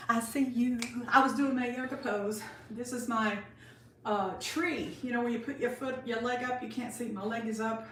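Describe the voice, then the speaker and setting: A woman's voice: fairly high pitch, fairly even intonation, normal speed, a bit bright, echoey room, recorded from a distance, a little hiss or hum. Older woman chatting on a livestream. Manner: chatty, greets viewers by name. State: out of breath. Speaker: livestream host. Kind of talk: casual livestream chat. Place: kitchen at home.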